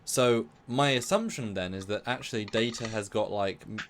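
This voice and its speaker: A man's voice: lowish voice, moderate pace, background noise. A man co-hosting a live review stream, talking enthusiastically and rambling with many restarts. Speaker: co-host of a live review show. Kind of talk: casual live-stream discussion.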